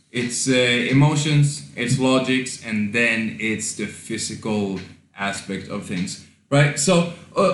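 A man's voice: lowish voice, fairly bright tone. A young man with a Swedish accent hosting a casual podcast, joking crudely and rambling with many restarts. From Sweden. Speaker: podcast host. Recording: echoey room.

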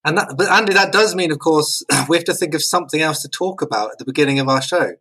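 A man's voice: a little high, fast talker, pushed and bright, breathy edge, rough recording. A man co-hosting a casual podcast, wry and joking. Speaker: podcast co-host.

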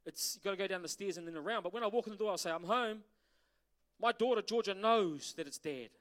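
A man's voice: high voice, fast. A middle-aged man preaching a sermon as pastor, asking the congregation questions. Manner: animated preaching with rhetorical questions.

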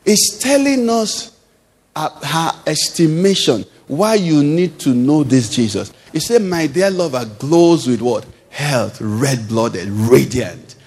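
Animated preacher in an echoing hall. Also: male voice, fairly high pitch, slow. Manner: emphatic, call-and-response questions to the congregation. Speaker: pastor. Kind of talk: sermon. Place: church hall.

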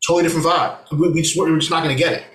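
A man who is a musician and a podcast guest, chatting casually and talking in quick, animated bursts. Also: on the high side. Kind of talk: casual conversation. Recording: echoey room.

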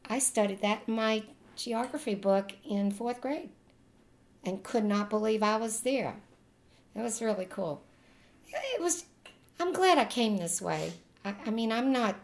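A woman's voice: medium pitch, darkish tone. An older woman from Louisiana with a Cajun Louisiana accent, chatting and laughing as she tells stories in an oral history interview.

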